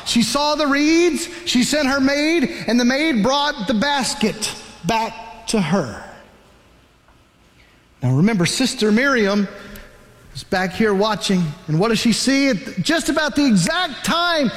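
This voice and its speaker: A man pastor preaching a sermon, telling a Bible story with animated emphasis. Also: very high voice, unhurried, long reverb tail.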